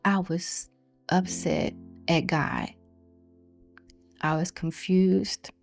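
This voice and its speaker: A woman's voice: on the low side, fairly even intonation, extremely slow, vocal fry. A young woman telling her own story of a hard pregnancy, emotional and dropping to near whispers at the hardest parts. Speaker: testimony speaker. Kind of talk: personal testimony storytelling. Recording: soft music behind.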